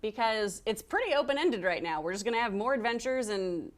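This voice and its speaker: Young woman, co-host, bubbly, lively swooping voice, live stream chat. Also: a little high, brisk. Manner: bubbly, reads viewer comments aloud.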